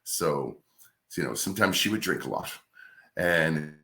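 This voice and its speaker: A man with a very deep, resonant radio voice talks through his career in a casual interview. He sounds relaxed and chatty. His pitch rises and falls a lot as he tells each story. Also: unhurried, vocal fry. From New York's Capital Region. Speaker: radio host, guest.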